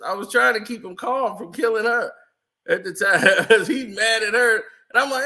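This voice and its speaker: A man with a high, bright voice talks loosely over old photos. He chuckles often and tells stories in easy slang, like casual vlog commentary. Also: normal speed. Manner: chatty, laughs often, loose slangy storytelling. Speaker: vlogger.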